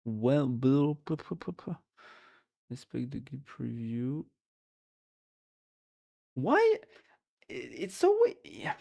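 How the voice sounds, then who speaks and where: A man on a livestream talks loosely with his chat, reading messages aloud and joking back. He rambles and repeats words as he hunts for the next one. His pitch sits right in the middle. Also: sing-song, takes it slowly, gravelly, long pauses, dark tone. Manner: rambling, repeats words while searching for them; reads chat aloud and jokes with it. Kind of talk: casual chat with viewers.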